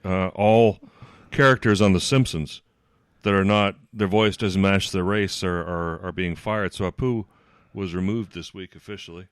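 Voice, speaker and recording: Deep-voiced male co-host. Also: fairly even intonation, normal speed, clear, resonant tone, no echo, studio quality. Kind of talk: call-in talk show chat.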